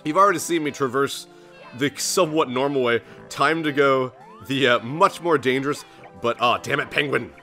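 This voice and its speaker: A young man hosting a let's play, giving jokey, excitable commentary on his gameplay. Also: normal speed, faint music behind. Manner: jokey, excitable, jumps into squeaky put-on voices.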